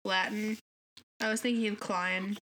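A teenage girl chatting casually with a friend, giggling often and reeling off names in a flat run. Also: medium pitch, a little hiss or hum. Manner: giggly, lists names in a rapid deadpan run. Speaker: student. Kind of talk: casual chat.

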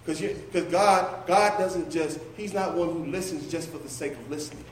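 A middle-aged preacher, his voice on the high side and his speed normal, delivers a chatty sermon in a church sanctuary, singling out people by name with gentle teasing. The sound is echoey and distant, with slight hiss or hum.

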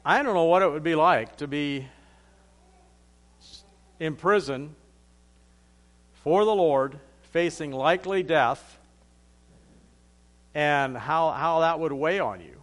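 Guy giving a sermon, plain-spoken and unhurried, voice on the higher side. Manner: conversational, plain-spoken, reads scripture aloud. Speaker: preacher.

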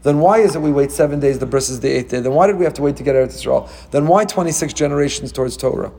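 A man delivering a lively sermon as a rabbi. His voice sits a little high for a man. He asks question after question and drops Hebrew terms into his English. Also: racing. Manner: animated, rhetorical questions, mixes Hebrew terms.

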